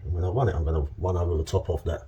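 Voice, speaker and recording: A man's voice: sits low, steady tone, racing, lo-fi sound, background noise. A middle-aged man, giving a chatty, joking on-the-job plastering demonstration and checking in with "okay?" as he goes. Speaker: plasterer demonstrating cornice work. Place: indoor room on a work site.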